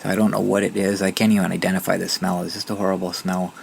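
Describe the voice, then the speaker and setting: Man, vlogger, scooter driver, casual rambling storytelling, gravelly fry, loud background noise. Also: deep voice, completely flat delivery, fast, low-quality recording. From Southern Ontario, Canada. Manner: chatty, rambling, with frequent restarts.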